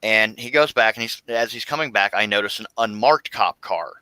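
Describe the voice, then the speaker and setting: A man telling a long anecdote in casual podcast chat, halting often with fillers and restarts. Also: on the low side, sharp tone, clean tone, no echo, poor audio. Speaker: guest storyteller.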